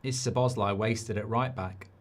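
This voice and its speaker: Excitable sweary man hosting a football watchalong. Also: fairly low pitch, normal speed. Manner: excitable, sweary, reads viewer questions aloud. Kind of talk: live match watchalong chat.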